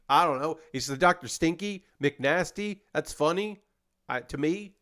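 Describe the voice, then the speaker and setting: A man's voice: a little high, big pitch swings, measured pace, a bit bright. A male comedian and host in casual chat, rambling and self-deprecating as he talks through his ideas.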